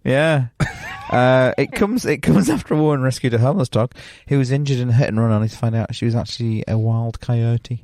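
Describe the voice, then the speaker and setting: A man's voice: mid-range voice, brisk, hardly any pauses, darkish tone, no room sound. A young man co-hosting a podcast, reading weird news in casual, sweary banter and laughing often. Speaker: podcast co-host.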